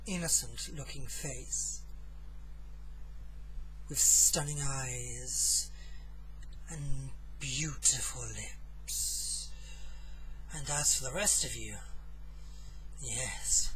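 A man voicing a cruel, lecherous noble sorcerer who sneers and threatens quietly, then rises to shouts. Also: mid-range voice, very slow, long pauses, background noise. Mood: sneering.

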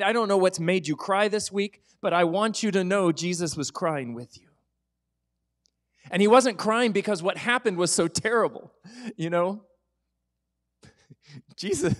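A male pastor preaching a sermon in a lively, conversational way, sometimes joking and at times dropping to a soft whisper for emphasis. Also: high voice.

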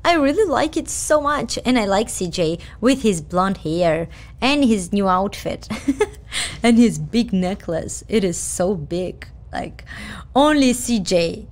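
A woman hosting a let's play, excitable commentary full of gasps and laughs. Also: medium pitch, slow pace. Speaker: gaming channel host.

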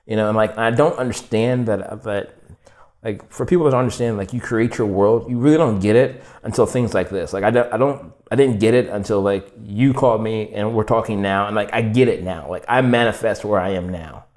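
A young man telling his story as a podcast guest, casual and animated, swearing and acting out quoted lines with lots of "like". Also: on the low side, fairly quick. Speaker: podcast guest, furniture designer.

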